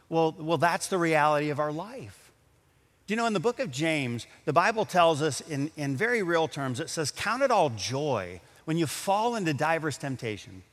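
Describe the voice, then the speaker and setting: Animated male preacher in a reverberant hall. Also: on the high side. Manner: animated, storytelling with rising emphasis. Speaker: pastor. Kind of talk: sermon.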